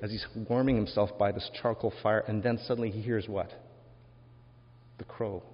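A male pastor preaches a reflective sermon, easing into rhetorical questions in a somewhat low voice. The recording is dull and lo-fi. A long reverb rings through the church hall. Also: fairly even intonation, normal speed.

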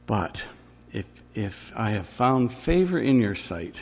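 Animated male preacher in a reverberant hall. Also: measured pace, creaky. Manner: animated, acts out quoted cries in a high strained voice. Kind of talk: sermon. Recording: dull sound, long reverb in a large hall.

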